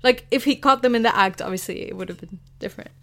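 A woman with a somewhat high voice co-hosting a film podcast. She talks casually and gushes with enthusiasm as she walks through scenes. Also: fast talker. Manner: enthusiastic, gushing. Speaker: podcast co-host. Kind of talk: casual film-review chat.

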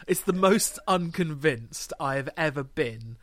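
A man's voice: on the high side, expressive, unhurried, a bit bright, no echo. A man co-hosting a podcast, chatting casually with dry, sardonic remarks. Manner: dry, sardonic, laughs often. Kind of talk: casual chat.

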